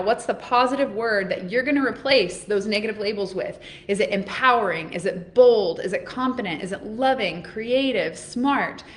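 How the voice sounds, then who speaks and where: A woman in her thirties hosting a live oracle card reading, talking straight to her viewers in an upbeat, encouraging way. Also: medium pitch. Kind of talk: live-streamed motivational talk.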